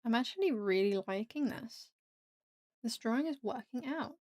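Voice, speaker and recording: A young woman with a British English accent, chatting and reacting to her live chat while she draws. Her voice sits a little high, and the sound is dry and close. She laughs easily and is quick to exclaim in disbelief. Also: lively intonation, a little mellow, no echo. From Britain. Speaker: streamer.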